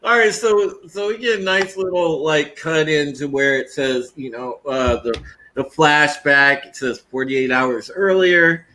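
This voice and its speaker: Slow bright-voiced male podcast host. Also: on the high side, a little hiss or hum, poor audio. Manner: laid-back, drawling, lots of fillers and laughs. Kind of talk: casual panel chat.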